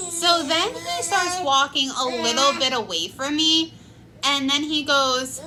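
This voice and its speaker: A woman's voice: high-pitched, unhurried, sharp tone, a little hiss or hum, low-quality recording. A woman in her twenties telling a personal story in a chatty vlog, with lots of filler words. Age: 20s. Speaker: vlogger. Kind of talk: casual storytime.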